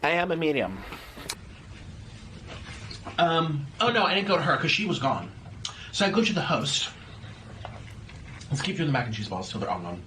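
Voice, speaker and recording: A YouTuber man chatting to camera in a lively, playful way, tossing out silly rhymes and repeating words in a sing-song. His voice sits high and swoops widely as he talks. The tone is bright and forward. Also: a little fast, pauses often, a little hiss or hum. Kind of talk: casual chat to camera.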